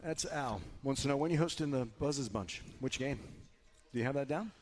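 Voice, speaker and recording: A man hosting a sports radio show, with a brisk, upbeat broadcaster delivery as he leads into a break and reads out listener messages. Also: mid-range voice, a little hiss or hum. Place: live broadcast from a barbecue restaurant.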